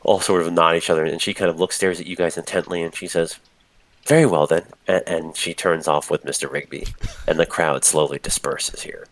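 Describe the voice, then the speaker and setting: A man's voice: low-pitched, flat delivery, fairly quick, fairly bright tone, no echo, low-quality recording. A man narrating as game master of a tabletop game, rambling with many restarts.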